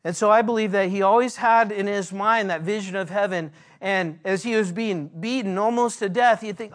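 A high-pitched pastor teaches the Bible verse by verse in an earnest manner, slowing down whenever he reads scripture aloud.

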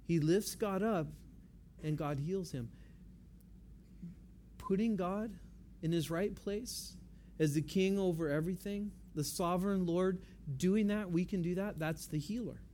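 A man with a fairly high voice preaches a sermon in a relaxed, conversational way. He repeats key phrases to drive his points home. A faint hiss of room noise sits behind him. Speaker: pastor.

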